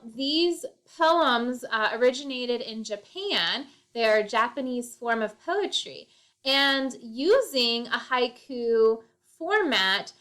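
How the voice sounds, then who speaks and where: A woman's voice: a little high, pushed and bright. A woman teacher giving a recorded poetry lesson, patiently counting out syllables. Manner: slow, patient, clapping out syllables.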